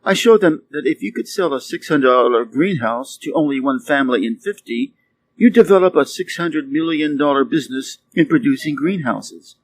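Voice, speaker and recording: Male audiobook reader, slightly higher voice, earnest and emphatic, for a self-help title. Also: no room sound. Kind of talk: reading a self-help book aloud.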